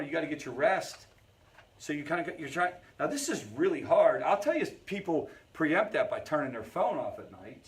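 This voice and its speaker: A man, teaching a family support group. He talks conversationally, tells stories along the way and keeps asking the room whether they follow him. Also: on the high side. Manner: engaging, checks in with the audience often; conversational, storytelling asides. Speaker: family recovery group facilitator.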